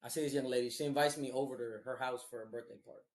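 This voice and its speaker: A man's voice: medium pitch, fairly even intonation, very fast, a little mellow. A man in his thirties hosting a podcast, telling a profane story in casual chat and acting out what people said. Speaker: podcast host. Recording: roomy echo.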